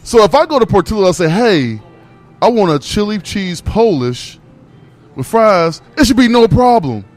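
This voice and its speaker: High, lively man venting emphatically. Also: normal speed, faint music behind. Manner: animated storytelling complaint, emphatic. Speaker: radio show co-host. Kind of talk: casual comedic rant.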